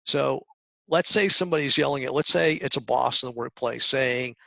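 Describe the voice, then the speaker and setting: A middle-aged man giving a talk to high school students, coaching earnestly with restarts and acted-out examples. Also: normal speed, creaky, sharp tone, no room sound. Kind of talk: presentation talk. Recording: dull lo-fi sound.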